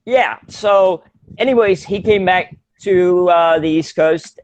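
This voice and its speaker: Guy with a high voice rambling on a podcast, lots of uhs, dry close mic. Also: takes it slowly, dry recording. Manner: rambling, many fillers and restarts, laughs often. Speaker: podcast co-host. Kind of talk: casual podcast chat.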